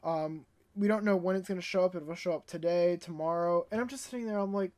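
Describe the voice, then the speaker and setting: A young woman vlogging in a casual, animated storytelling way, stuttering when she gets worked up. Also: fairly low pitch, quick pace, few pauses. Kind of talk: casual ranting vlog.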